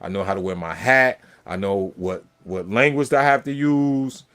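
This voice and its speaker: A man's voice: fairly low pitch, normal speed, fairly bright tone, clear, resonant tone. A man in his thirties with a US Northeast accent, hosting a casual chat and rambling with lots of "like" and "you know".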